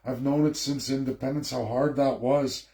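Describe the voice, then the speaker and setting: A man's voice: mid-range voice, fairly even intonation, normal speed, warm tone. A man in a mid-range voice rants about politics to his viewers. He lectures and scolds and hammers his points home with repetition. His voice bounces around an echoey room. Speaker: political commentator. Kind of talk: ranting political livestream.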